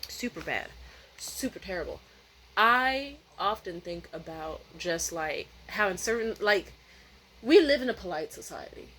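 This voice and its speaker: A woman's voice: medium pitch, lively intonation, measured pace, bright, forceful tone, a little hiss or hum, rough recording. A woman vlogger telling a rambling, profane, candid story in a casual way, often restarting her sentences.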